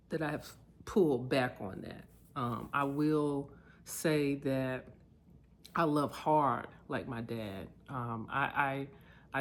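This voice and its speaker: A woman sharing personal memories in a reflective vlog, candid and heartfelt, getting lively as she tells stories. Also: low voice. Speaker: vlogger.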